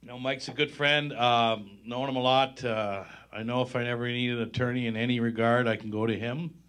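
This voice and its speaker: A man recounts old hockey tales on a stage, laughing as he goes. His voice sits at an ordinary middle pitch. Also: brisk, smooth. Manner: lively anecdotes, laughs through punchlines. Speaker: former hockey player, guest speaker. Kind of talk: animated storytelling at a live event. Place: on stage at a public event.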